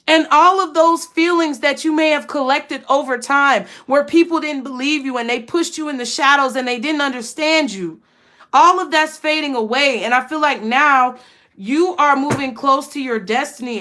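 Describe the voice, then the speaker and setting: A woman with a high voice reads tarot cards in a casual, talkative way. She is emphatic and blunt, and she swears freely. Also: moderate pace, pushed and bright. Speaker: tarot reader.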